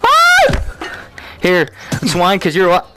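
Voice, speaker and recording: Gamer, casual gameplay commentary, playful trash talk, swearing, slow lively delivery. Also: medium pitch, faint music behind. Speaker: gamer playing a VR brawling game.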